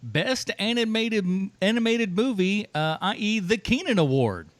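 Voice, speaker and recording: Lively higher-voiced male podcast host. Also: unhurried. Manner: presents award categories, playful. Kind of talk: casual podcast chat.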